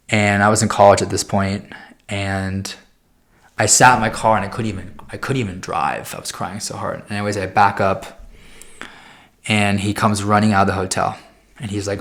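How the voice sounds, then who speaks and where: A young man in his twenties talks through a personal podcast monologue in a lowish voice. He is candid and emotional and swears freely. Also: a bit bright. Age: 20s. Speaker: podcast host.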